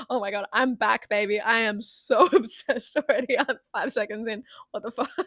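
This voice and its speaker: A woman's voice: a little high, fairly even intonation, fairly quick, few pauses, fairly bright tone, no room sound, clean studio sound. A woman hosting a reaction video, gushing giddily with frequent squeals and laughs.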